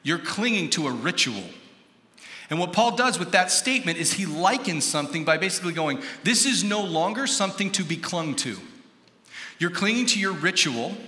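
High-voiced, bright American preacher in a hall. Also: male voice. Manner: animated preaching, acting out quoted voices, asking the congregation. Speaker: pastor. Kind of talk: sermon. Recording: echoey hall with long reverb.

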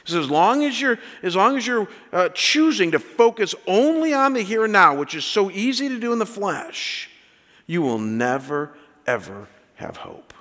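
A man in his fifties preaching a sermon, telling stories in an animated way with many restarts. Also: high-pitched, moderate pace, big-room sound. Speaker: pastor.

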